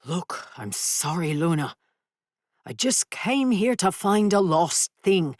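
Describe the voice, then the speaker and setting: A woman voicing a sheepish, adventure-loving man who apologizes softly, in a dry, close audiobook recording. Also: on the low side, very animated, takes it slowly, no room sound, pitched above the performer's own voice, full character voice. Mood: apologetic. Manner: apologetic, soft-spoken.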